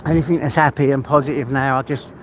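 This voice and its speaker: A man's voice: medium pitch, steady tone, fast talker, noisy background. An older man, chatting casually and heartfelt on a live stream, rambling and laughing often. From England.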